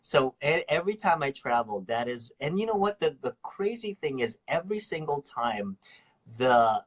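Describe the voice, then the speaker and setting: A man hosting a casual live-stream chat. He is animated, laughs often and repeats words as he talks. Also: mid-range voice, normal speed, slightly rough. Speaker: host.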